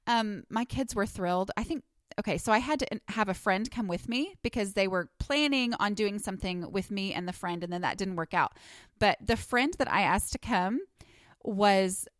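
A woman's voice: mid-range voice, fairly bright tone, no echo, clean studio sound. Chatty woman hosting a podcast. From Texas. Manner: chatty and rambling, with frequent "um"s. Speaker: podcast host. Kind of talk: casual solo podcast chat. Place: at home, in a cold house.

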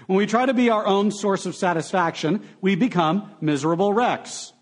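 A young adult man preaching a sermon, animated and full of sarcastic asides. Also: high-pitched, moderate pace. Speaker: pastor.

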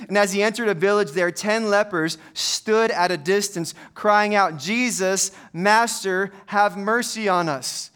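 A man's voice: high voice, measured pace, few pauses, fairly bright tone, smooth. A middle-aged male pastor giving a conversational, humorous sermon full of stories. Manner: conversational, humorous storytelling preacher.

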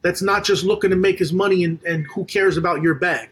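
A man's voice: high voice, a little fast. A man, a business funder, telling a story in a casual podcast interview, rambling with restarts and acting out quoted conversations. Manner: animated storyteller who acts out quoted conversations.

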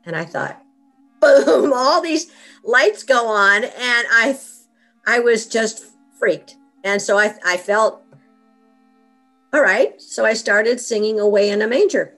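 A woman's voice: a little high, lively intonation, takes it slowly, long pauses, fairly bright tone, soft background music. A middle-aged woman telling her own story as an interview guest, with earnest, vivid storytelling.

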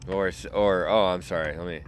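A man's voice: deep voice, fairly even intonation, brisk. A young man hosting a casual show, telling rambling, joking stories with many asides and self-interruptions. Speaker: podcast host.

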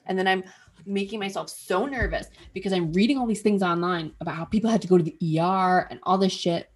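A woman hosting a podcast, telling a story in casual chat, animated, swearing freely and acting out what she said. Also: medium pitch, quick pace, husky. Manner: animated, swears freely, acts out her own past remarks. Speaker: podcast host.

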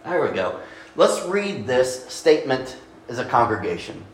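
A male pastor giving a conversational sermon, asking his congregation questions and pausing over his words. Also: medium pitch, sing-song, reverberant, slight background noise, poor audio. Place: church sanctuary.

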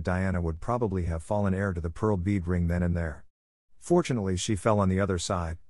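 A man with a low voice reads a classic story aloud in steady, even audiobook narration. The recording is dry and close, with no room sound. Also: no room sound. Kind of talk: scripted narration.

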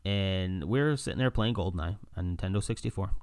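Low-voiced man, animated podcast rant. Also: fairly quick, smooth, no room sound. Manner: animated storytelling, acts out quoted voices, laughs often. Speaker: podcast host. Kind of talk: casual monologue.

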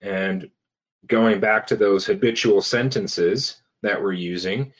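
Man, health coach, casual coaching talk, fairly low voice, halting with fillers. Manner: hesitant, many fillers and restarts.

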